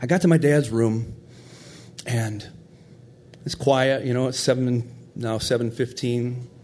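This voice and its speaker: A man's voice: medium pitch, fairly even intonation, measured pace, darkish tone. A middle-aged man telling a heartfelt personal story in a conversational, tender way.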